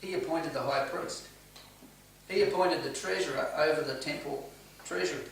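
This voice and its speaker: A man's voice: a little high, normal speed, gravelly, heavy reverb. Man, Bible study leader, earnest, quizzes the group, distant mic, faint room hum. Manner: earnest, asks the group questions. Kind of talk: interactive Bible teaching. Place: home church room.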